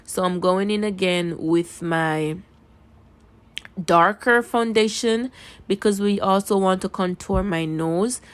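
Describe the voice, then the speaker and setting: A woman's voice: medium pitch, slow, smooth. A woman with a Jamaican accent talking casually through a makeup tutorial into a phone camera, chatty and repeating words for emphasis. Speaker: makeup vlogger.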